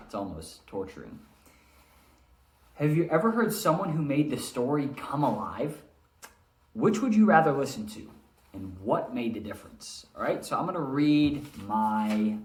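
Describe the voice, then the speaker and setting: A man's voice: medium pitch, big pitch swings, measured pace. A male teacher giving a recorded reading lesson, explaining and demonstrating how to read aloud. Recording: echoey room.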